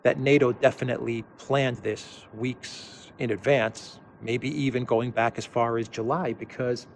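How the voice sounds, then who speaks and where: A man hosts an off-the-cuff commentary show. His voice sits at an ordinary middle pitch, and he hesitates, repeats words and piles up fillers before landing firmly on his points. A faint ambient noise runs beneath the recording. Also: fairly even intonation, measured pace, vocal fry. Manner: hesitant, many restarts and fillers, emphatic. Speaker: political commentary host. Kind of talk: unscripted commentary monologue.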